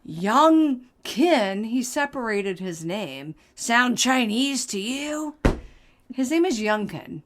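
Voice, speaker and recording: A young woman co-host with a fairly high voice that jumps around a lot. She talks bluntly and sarcastically and laughs often. A faint hiss sits under the recording. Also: sing-song, takes it slowly. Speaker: podcast co-host. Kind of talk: casual chat.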